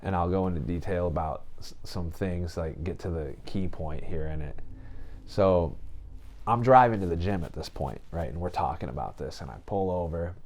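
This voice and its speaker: Deep-voiced man rambling through a story. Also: moderate pace, darkish tone. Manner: rambling, peppered with "you know" and "right?"; acts out other people's lines when retelling. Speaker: podcast guest. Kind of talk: casual storytelling chat.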